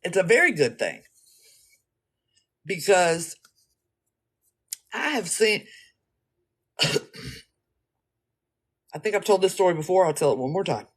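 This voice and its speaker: High-voiced man telling a rambling story. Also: takes it slowly, pauses often. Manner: animated, slangy and rambling, addresses listeners directly. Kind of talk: casual storytelling talk.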